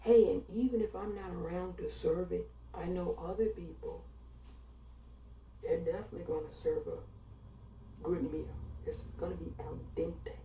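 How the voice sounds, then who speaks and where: A woman's voice: lowish voice, normal speed, echoey room, far from the mic, lo-fi sound, a little hiss or hum. A woman from Alabama giving an emphatic, sarcastic and defiant monologue, repeating her points for effect. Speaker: online commentator.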